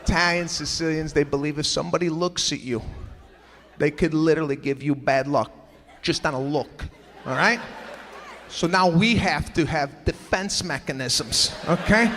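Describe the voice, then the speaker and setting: Animated high-voiced man doing stand-up. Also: moderate pace, background noise. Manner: animated, shouting punchlines, acting out family members. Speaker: stand-up comedian. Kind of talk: stand-up comedy. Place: stage in a large theater. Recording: live hall with loud ambience. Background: audience laughter.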